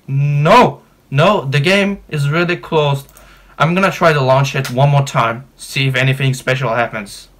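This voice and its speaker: A man doing let's play commentary, excitable, swearing and bursting into shouts. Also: mid-range voice. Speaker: gaming youtuber.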